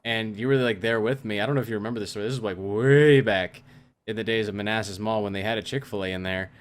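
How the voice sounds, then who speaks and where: A young man co-hosting a casual podcast chat, rambling and halting, full of fillers and restarts. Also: on the low side, a little hiss or hum. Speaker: podcast co-host.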